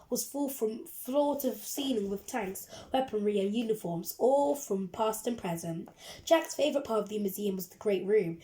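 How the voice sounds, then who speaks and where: A woman reading a children's book aloud in a lively, expressive storytelling manner. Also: medium pitch.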